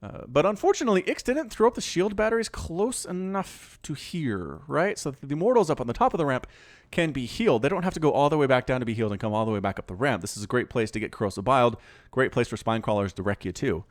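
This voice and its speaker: An American esports caster delivers excitable, chatty solo commentary on a strategy game, often addressing the players directly. His voice is medium-pitched and fast.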